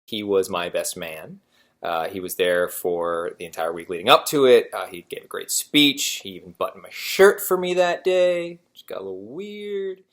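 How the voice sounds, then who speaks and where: A man's voice: deep voice, lively intonation, moderate pace, a bit bright. A man sharing fond, playful memories in a wedding video message. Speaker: groom's best friend.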